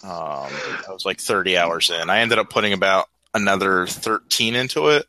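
A man in a relaxed, casual podcast chat, dotting his speech with ums and uhs. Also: deep voice, moderate pace, rough recording. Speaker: podcast co-host. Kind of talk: casual chat over a video call.

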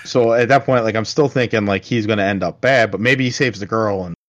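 A man chatting casually about a film, halting and meandering, with casual swearing. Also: fairly low pitch. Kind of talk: casual movie discussion. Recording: dull lo-fi sound.

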